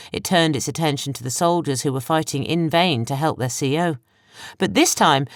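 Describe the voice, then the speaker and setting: A woman narrating a science fiction audiobook in a measured, clear storytelling manner, close to a studio microphone. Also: deep voice, no echo. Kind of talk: scripted narration.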